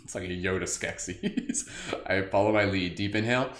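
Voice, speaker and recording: A man's voice: deep voice, normal speed, echoey room. A man hosting a live group meditation in a casual, joking way, rambling with lots of "like". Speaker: meditation host. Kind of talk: casual guided meditation livestream.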